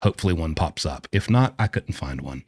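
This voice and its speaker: A man's voice: rumbling low, animated, a little fast, a little mellow, no echo, studio quality. A man giving opinionated reaction commentary with a blunt, mocking manner, speaking as someone who says he knows prison life firsthand.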